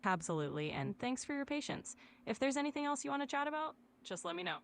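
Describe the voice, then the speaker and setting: A woman's voice: sits high, very animated, fast talker, slight background noise. A woman voicing a polite AI assistant. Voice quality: polite, soothing, evenly friendly. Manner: claims a Southern drawl with pet names. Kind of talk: scripted assistant chat.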